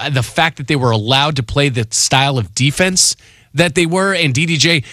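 Bright-voiced male sports radio host. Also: a little high, no echo, studio quality. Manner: lively, quick, opinionated. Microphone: studio microphone.

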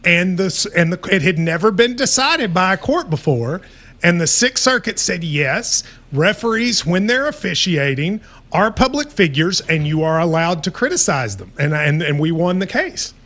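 A man hosting a sports radio talk show, his voice high and bright. He speaks with wry self-assurance and likes to tease. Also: sing-song, normal speed.

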